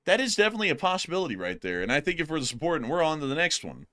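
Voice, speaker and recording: Man, stream host, casual rambling chat, joking, bright forceful tone. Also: on the high side, big pitch swings, very fast. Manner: joking, rambling, swings between loud and quiet. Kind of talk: casual live-stream commentary.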